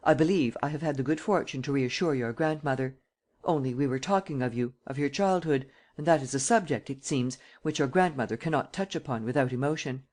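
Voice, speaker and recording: A cool, self-assured gentleman thief who speaks with calm, sardonic ease, as a male audiobook reader voices him. He lays out his schemes with dry confidence in a storybook reading. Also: mid-range voice, a little fast, close to an everyday voice. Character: cool, cynical gentleman thief, middle-aged man.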